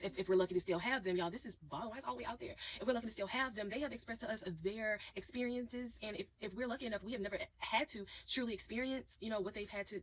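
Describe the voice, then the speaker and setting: Woman vlogger, kinda high voice, going off to the camera about a movie, says y'all a lot. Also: low-quality recording. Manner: emphatic, talks straight to viewers as "y'all". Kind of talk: casual direct-to-camera movie reaction.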